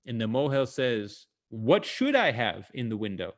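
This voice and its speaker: A man talks through jokes and stories in a relaxed, conversational way, recorded over a video call. He pauses on fillers and stops to explain his punchlines, like a comedian teaching an audience. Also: medium pitch. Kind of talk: casual storytelling talk over video call.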